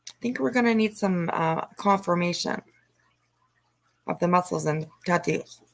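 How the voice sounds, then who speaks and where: A woman's voice: fairly low pitch, normal speed. Chatty, giggly woman live-streamer. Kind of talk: casual live-stream chat, reading comments.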